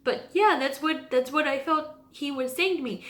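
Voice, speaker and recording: A woman vlogger sharing a personal faith testimony from her home basement, earnest and halting, with many pauses and restarts. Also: sits high, a bit bright. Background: washing machine running.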